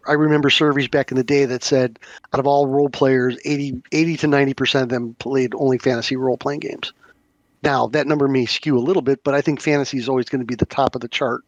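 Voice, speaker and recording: A man's voice: mid-range voice, dry recording. Podcast host, man, rambling casual delivery, dry and slightly muffled. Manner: rambling, with many restarts and fillers. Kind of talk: casual chat about tabletop games.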